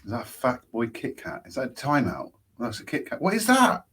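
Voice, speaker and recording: A man's voice: medium pitch, big pitch swings, fairly quick, husky. A man co-hosting a casual podcast, chatting loosely while finishing his lunch. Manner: chatty, munching through lunch while talking. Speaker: podcast co-host. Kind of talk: casual chat.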